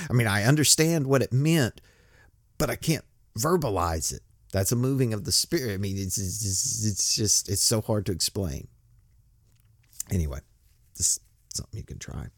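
A man's voice: fairly low pitch, expressive, moderate pace, no echo, clean studio sound. A man preaching a casual, joking sermon and reading scripture, talking conversationally with many restarts.

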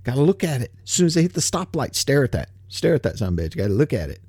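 An older man with a drawl rants bluntly as a show host, swearing freely and firing off rhetorical questions. His pitch swings widely as he talks, and the sound is dry and close with no room around it. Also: very animated, very fast, darkish tone, husky, no echo. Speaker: podcast host. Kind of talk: casual rant.

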